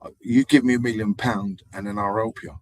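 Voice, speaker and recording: A man hosting a live stream, telling meandering stories and acting out the people in them, his loudness swinging up and down. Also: lowish voice, steady tone, brisk, dry recording, poor audio. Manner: meandering storytelling with acted-out voices and sudden loudness swings. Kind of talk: rambling live-stream monologue.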